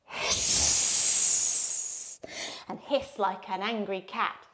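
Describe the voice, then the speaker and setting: A woman's voice: on the high side, very animated, measured pace. A woman leading a playful children's yoga session, telling a story with sound effects. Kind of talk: guided kids' yoga story.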